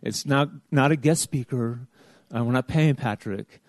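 A man's voice: mid-range voice, unhurried, dry recording. A man giving casual announcements to a church congregation, rambling with many fillers and restarts and joking with the listeners. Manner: rambling, filler-heavy, self-interrupting. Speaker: church leader.

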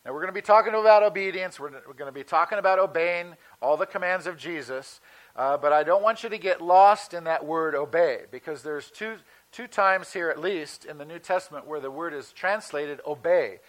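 A male pastor giving a sermon in a conversational teaching manner, slowing down to stress key words. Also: a little high, fairly bright tone, rough recording.

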